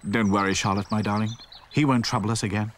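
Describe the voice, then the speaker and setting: A man's voice: fairly low pitch, fairly even intonation, quick pace, close to an everyday voice. Man doing a dashing costume-drama hero. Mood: romantic.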